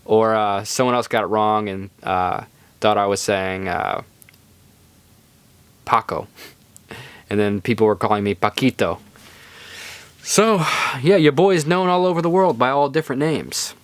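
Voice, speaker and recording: Young male podcast host, low-voiced, rambling and laid-back, close dry mic. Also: a little slow, long pauses, clear, resonant tone, no echo. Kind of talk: casual storytelling monologue.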